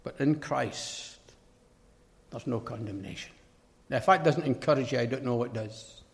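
A man preaching a sermon, emphatic, repeating key phrases and swinging between loud declarations and hushed asides. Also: medium pitch, normal speed, creaky. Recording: long reverb of a large hall.

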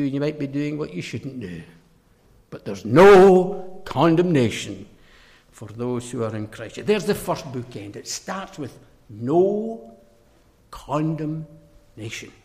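A man preaching a sermon, emphatic, repeating key phrases and swinging between loud declarations and hushed asides. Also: medium pitch, creaky. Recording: long reverb of a large hall.

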